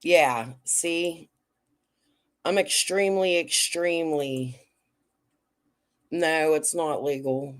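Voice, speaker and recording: A woman's voice: low voice, slow, long pauses. A woman hosting a casual livestream, chatting bluntly and cussing freely with her viewers. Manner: blunt, profane, talks straight to chat. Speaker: livestream host.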